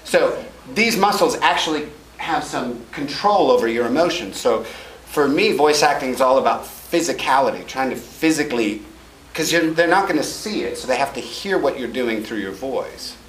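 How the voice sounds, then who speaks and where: A middle-aged man with a raspy, worn-out voice, a voice actor talking casually to a convention panel and joking with the audience. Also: mid-range voice, normal speed. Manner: animated, jokey, slips into funny voices and laughs. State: hoarse, voice worn from recording sessions. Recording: echoey room, from far off, noisy.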